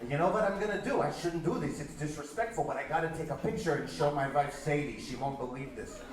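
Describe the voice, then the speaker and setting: An excitable old Jewish undertaker with a thick Yiddish accent, as a comedian puts him on. His voice jumps high and shrill. The room is echoey and heard from a distance, with a crowd laughing behind. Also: fast talker, lightly acted. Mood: astonished.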